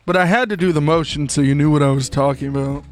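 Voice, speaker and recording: Talking fast over soft background music, a young gaming streamer rambles and cracks jokes during his live stream. His pitch is fairly high, and he keeps drifting into silly voices.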